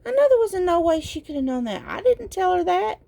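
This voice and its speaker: A baffled partner squeaks in disbelief, wondering out loud how she could have known. A woman puts on this high, thin voice far above her own slow, gravelly tone, for a tarot reading video. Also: very animated, exaggerated voice.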